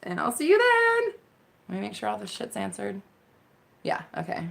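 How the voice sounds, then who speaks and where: A woman's voice: mid-range voice, wildly swooping pitch, normal speed, creaky, fairly bright tone. A woman hosting a live Q&A as a mindset coach, chatting casually into her phone, reacting to viewer comments with frequent laughter and casual swearing. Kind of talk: casual live-stream chat.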